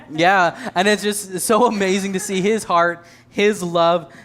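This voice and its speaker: A man's voice: sits high, steady tone, slow, fairly bright tone. A man leading a church service, speaking earnestly with some light self-deprecating humor. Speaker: church leader. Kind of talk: sermon.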